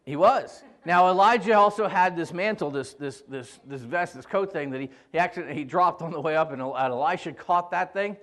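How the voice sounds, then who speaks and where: A high-voiced male pastor preaching a sermon. He retells scripture in an animated, joking way, like a storyteller. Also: brisk, few pauses.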